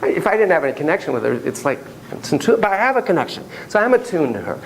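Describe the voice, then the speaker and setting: Animated man lecturing, lots of asides. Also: on the high side, fast, slight background noise, rough recording. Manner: animated, digressive, talks in asides. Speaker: psychotherapy lecturer. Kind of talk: lecture with storytelling. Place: classroom.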